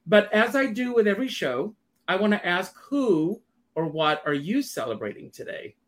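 A man's voice: high-pitched, very animated, normal speed. A middle-aged man from South Carolina hosting a casual show over a video call, upbeat and effusive with frequent fillers. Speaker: host.

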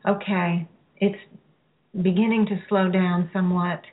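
Slow-spoken woman healer on a phone-like line. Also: on the low side, steady tone. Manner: slow, soothing, halting with pauses. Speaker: spiritual healer hosting a show. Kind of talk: guided healing session. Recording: phone-like narrow sound.

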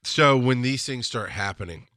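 A man's voice: mid-range voice, lively intonation, normal speed, sharp tone, no room sound, clean studio sound. A middle-aged man hosting a podcast, talking in a casual, rambling way and often breaking into laughter. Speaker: podcast host. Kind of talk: casual livestream monologue.

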